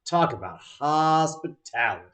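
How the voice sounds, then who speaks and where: A laid-back, friendly fellow who chats with plants as if they were old friends, as a man puts him on at the game table. His voice sits a little higher than the man's own and rises in friendly bursts. He takes his time over the words. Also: big pitch swings, measured pace, a bit bright. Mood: warm. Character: cheerful, easygoing man who befriends plants.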